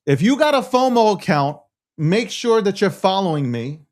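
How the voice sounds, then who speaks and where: Cocky guy on a live crypto stream, swears a lot, high lively voice all over the place. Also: moderate pace. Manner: brash, profane, boastful. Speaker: show host.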